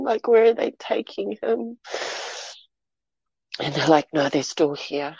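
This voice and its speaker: A middle-aged woman telling a personal story in an interview, halting and repeating words as she goes. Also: medium pitch, animated, gravelly, mellow, slightly rough, dry recording, lo-fi sound. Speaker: interview guest.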